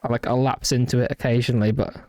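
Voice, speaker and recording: A young man from the English Midlands, with a light Midlands accent, gives casual let's-play commentary on a game as a streamer, rambling and hesitant with many restarts. His medium-pitched voice is a little mellow, fairly even in intonation, and quick, with a little hiss or hum in the audio.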